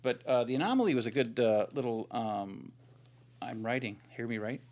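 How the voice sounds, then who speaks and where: A man's voice: mid-range voice, expressive, moderate pace, darkish tone, a little hiss or hum. A man co-hosting a podcast, chatting casually about movies in a rambling, sarcastic way with plenty of swearing. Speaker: podcast co-host. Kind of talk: casual movie review chat.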